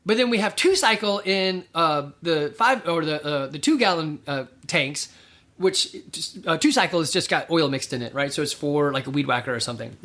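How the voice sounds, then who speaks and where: A man's voice: sits high, sharp tone. A middle-aged man hosting a podcast, giving casual advice in a rambling, conversational way with restarts and chuckles. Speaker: podcast host.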